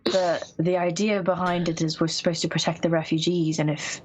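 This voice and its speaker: A woman's voice: on the low side, little pitch movement, fairly quick, a little hiss or hum, low-quality recording. A woman player earnestly arguing for a plan in a tabletop game, often repeating and restarting her words. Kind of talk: tabletop game strategy chat.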